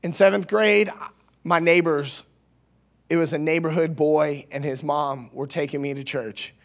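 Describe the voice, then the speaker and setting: A man from Missouri preaching a sermon as youth minister, earnest, restarting words, swinging between loud and soft. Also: a little high. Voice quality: nasal at times. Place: church.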